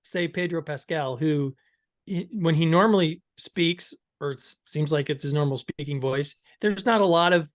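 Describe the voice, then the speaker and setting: A man's voice: on the high side, moderate pace, no echo, studio quality. A man co-hosting a podcast, asking curious questions in a casual, easygoing way. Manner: curious, questioning, laughs easily. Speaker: podcast co-host. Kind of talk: casual discussion.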